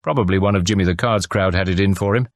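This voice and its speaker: A man's voice: low-pitched, quick pace, no echo, clean studio sound. A man voicing a chatty male journalist gossiping in a pub in an audiobook.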